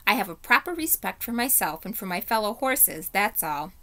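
A haughty, self-important male talking horse from a children's storybook, as a woman reading aloud puts him on. He speaks in a superior, fussy tone, raised a little above the reader's normal pitch, and hedges and puffs himself up. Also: expressive, moderate pace, pushed and bright. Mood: pompous. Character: vain, pompous male talking warhorse.

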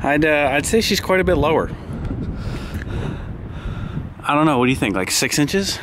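A man vlogging outdoors in a driveway, excitable and rambling, often restarting his sentences. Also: fairly high pitch, quick pace, heavy background noise. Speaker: vlogger and truck builder. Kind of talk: casual outdoor vlog chat.

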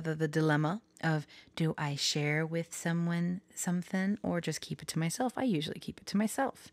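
This Florida woman, a tarot vlogger, confides in her viewers with candid personal talk to camera, speaking softly and hesitantly and drifting into whispers. Her voice sits low with a steady tone, moving at a moderate pace with hardly any pauses, in a dry recording.

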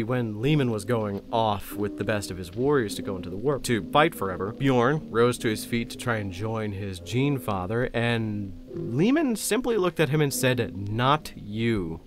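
A man hosting his own channel, explaining lore in a casual, enthusiastic, rambling way. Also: mid-range voice. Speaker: channel host. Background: faint music.

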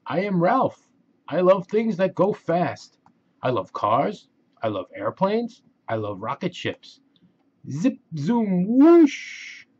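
An eager young boy who loves anything fast talks in a raised, boisterous storybook voice, as a man reads him aloud. His voice jumps up and down with excitement. The recording sounds dull and lo-fi. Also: fairly high pitch, breathy edge, voice pushed up, full character voice.

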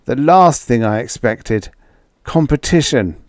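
A man's voice: medium pitch, expressive, unhurried, no room sound, voice pushed up, lightly acted. A man reading an audiobook, voicing a sarcastic, jealous young man with dry, cutting lines. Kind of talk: audiobook character voice.

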